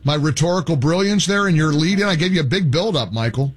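A man's voice: a little high, fast talker, husky. A man hosting a call-in radio talk show, arguing with a caller in a sarcastic, mocking and heated way.

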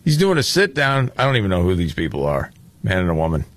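A man's voice: low voice, wildly swooping pitch, fast talker, dry recording. A male talk show host giving sarcastic commentary on video clips he plays. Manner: sarcastic interjections, laughs at clips.

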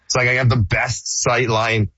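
Husky-voiced man on a lo-fi line. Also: medium pitch, normal speed, dry recording. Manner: animated, laughs easily, rambling restarts. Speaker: hockey play-by-play broadcaster guest. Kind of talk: casual sports radio chat.

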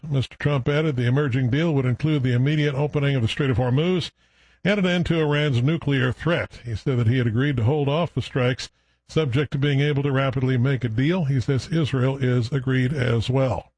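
A man reading radio news headlines in a measured, even way. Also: medium pitch, breathy edge, low-quality recording. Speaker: news anchor. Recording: dry studio sound.

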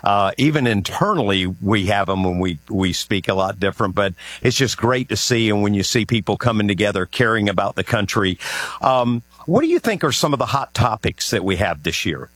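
A man's voice: lowish voice, lively intonation, brisk, a bit bright, no echo. A man with a Southern American accent hosting a talkative, friendly interview. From United States. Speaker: show host, interviewer. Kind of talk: conversational interview.

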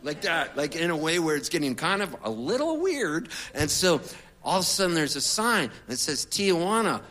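Male storyteller, songwriter type, slightly high and bright tone, animated, slangy delivery. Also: moderate pace. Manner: animated, chatty, laid-back surfer slang. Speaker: singer-songwriter. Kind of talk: comic storytelling.

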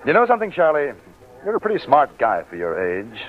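An actor playing a scheming young office manager who talks smoothly but stammers when cornered, in 1940s radio acting. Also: male voice, mid-range voice, huge pitch swings, fairly quick, soft background music. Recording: phone-like old radio recording.

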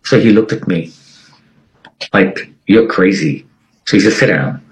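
A man's voice: sits low, a little slow, rough recording. A man telling his own story as an interview guest, vividly acting out what people said. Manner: animated, acts out quoted dialogue. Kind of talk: casual storytelling.

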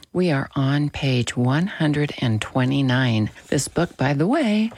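A man hosting a radio program, reading a Christian book aloud in a slow, gentle, deliberate way. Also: medium pitch, vocal fry, no room sound.

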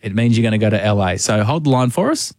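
A male radio host on a live call with a listener, excitable and playful, often stammering. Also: fairly low pitch, fast, no echo, studio quality.

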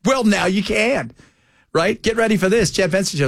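A man's voice: high-pitched, moderate pace, creaky, no echo, clean studio sound, soft background music. A man hosting a talk radio show, bantering and mocking people in put-on voices. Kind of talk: casual banter.

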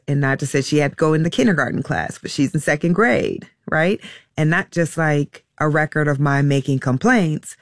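A middle-aged woman telling a personal story in a halting, emotional way, with many restarts and fillers. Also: low-pitched, no echo, studio quality. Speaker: interview guest.

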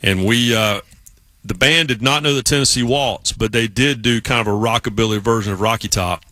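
A man's voice: mid-range voice, moderate pace, pushed and bright, dry recording. A man co-hosting a podcast, chatting casually and acting out the voices in his stories. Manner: storytelling, acts out quoted voices. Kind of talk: casual chat.

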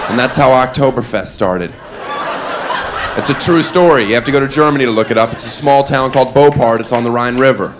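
A man performing a stand-up comedy set, mock-earnest and deadpan, with playful asides. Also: mid-range voice, fairly quick. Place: comedy club stage with audience. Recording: live club, audience laughter and noise.

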